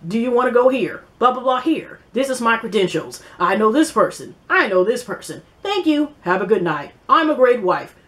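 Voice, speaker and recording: A woman's voice: on the high side, expressive, moderate pace, few pauses, natural voice. A woman putting on a stiff, overly formal woman who recites scripted, polite lines. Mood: prim. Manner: prim, rehearsed, customer-service politeness.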